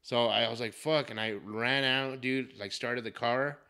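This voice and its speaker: A young man hosting a casual podcast, telling a story in a profane, animated way. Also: mid-range voice, a little slow, smooth. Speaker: podcast host.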